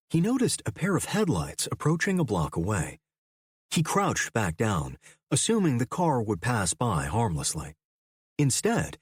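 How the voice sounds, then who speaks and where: A man narrating a thriller audiobook in a measured, storytelling way. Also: mid-range voice, breathy edge, dry recording, clean studio sound.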